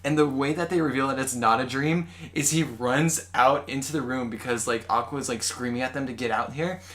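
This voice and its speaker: A man's voice: mid-range voice, fairly quick. A young man co-hosting a casual podcast, animatedly retelling an anime episode and acting out quotes. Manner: animated retelling with quoted voices and frequent laughter. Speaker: podcast co-host.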